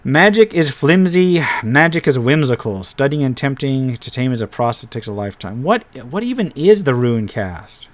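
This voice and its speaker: A man's voice: mid-range voice, big pitch swings, normal speed, few pauses. A man hosting a casual live stream, thinking aloud as he pages through tabletop game files and drops wry asides. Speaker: host reviewing tabletop game PDFs.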